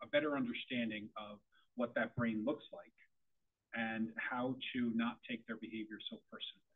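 A man speaks to a room of parents in a conversational style, restarting his sentences with repeated words. His voice is a little husky and sits at an ordinary pitch. The sound is thin and tinny, like a phone line. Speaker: parent forum presenter. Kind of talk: presentation to parents.

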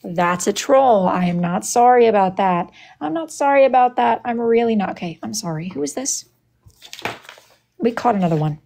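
A woman's voice: a little high, expressive, normal speed, creaky, mellow. A young woman hosting a casual livestream, reading viewer comments aloud in a sassy, dramatic, playful way. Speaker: livestream host.

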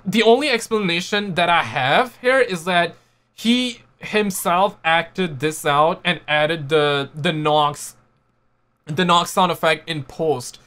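Excitable young man reacting out loud. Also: on the high side, takes it slowly. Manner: excitable, exclaims often, slangy. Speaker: reaction video host. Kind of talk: live reaction commentary.

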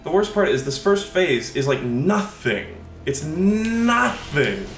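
A man's voice: on the high side, expressive, unhurried, soft background music. Man, game streamer, sarcastic, profane, frustrated rants, roomy echo. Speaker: gaming streamer. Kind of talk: live gameplay commentary.

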